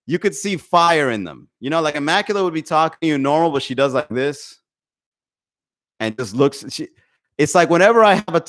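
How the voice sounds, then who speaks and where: A man's voice: a little high, fairly bright tone. Profane, rambling comedy podcast man. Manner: profane, rambling, laughs often. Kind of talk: casual livestream chat.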